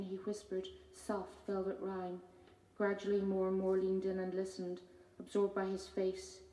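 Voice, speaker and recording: A woman, a poet giving a measured reading of her own poems with hesitant spoken asides between them. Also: medium pitch, warm tone. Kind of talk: poetry reading. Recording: roomy hall from far off.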